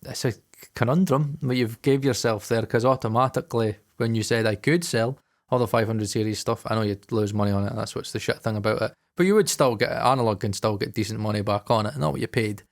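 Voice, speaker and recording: A man's voice: medium pitch, fairly even intonation, fairly quick. Sweary man telling a story. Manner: swears a lot and acts out quoted dialogue. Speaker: podcast co-host. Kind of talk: casual chat.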